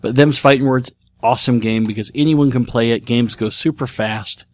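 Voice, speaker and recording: Speaking at normal speed in a steady, mid-range voice with no echo, a middle-aged man hosts a podcast. The casual conversation is about board games, and he's enthusiastic, rambling and using fillers.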